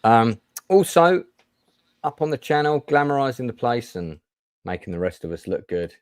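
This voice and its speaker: A man's voice: medium pitch, sing-song, normal speed, clear, resonant tone, dry recording. A man hosting a casual livestream chat show, talking chattily with many fillers and restarts. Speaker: host.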